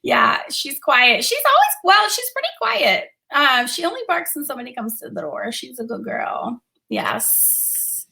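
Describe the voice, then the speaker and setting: Young woman, art teacher live from home; bright, animated, chatty with viewers. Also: high voice, measured pace, gravelly. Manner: chatty, reads out viewer comments, coos at her dog. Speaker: art teacher hosting a livestream. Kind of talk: casual livestream chat. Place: home studio room.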